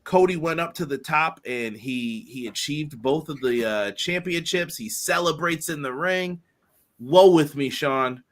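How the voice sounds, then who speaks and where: A man's voice: fairly high pitch, measured pace. A man co-hosting a wrestling podcast, chatting casually and laughing between points. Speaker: podcast co-host.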